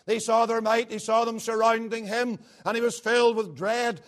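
A man preaching a sermon, rising to emphatic peaks and dropping to low, hushed lines, slow and deliberate on key words.

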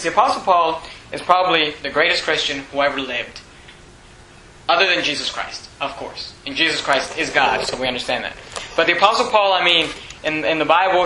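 A man's voice: high-pitched, sharp tone. A man preaching a sermon as pastor, emphatic and repetitive, in a church sanctuary. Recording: echoey room.

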